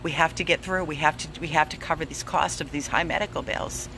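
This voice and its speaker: A woman's voice: deep voice, fairly even intonation, a little fast, noisy background. A woman who heads an animal rescue, making an urgent, emotionally drained donation appeal and pleading over and over. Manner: pleading, repeats herself, begging.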